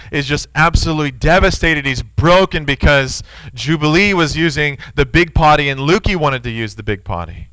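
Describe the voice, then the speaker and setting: A man's voice: mid-range voice, bright, forceful tone, clear, resonant tone, dry recording, low-quality recording. A man in his thirties preaching a sermon, earnest and storytelling, speaking to his listeners as friends.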